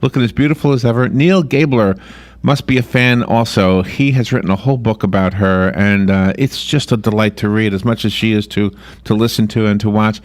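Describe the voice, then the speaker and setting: A man's voice: lowish voice, steady tone, brisk. Chatty man hosting a radio interview. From Long Island, New York. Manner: rambling, chatty, many restarts and fillers. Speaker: radio host.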